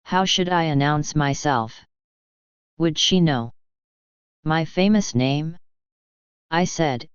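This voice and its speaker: A storyteller giving a measured, even first-person reading of a novel. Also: medium pitch, clear, resonant tone, dry recording, dull audio. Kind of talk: scripted narration of a novel.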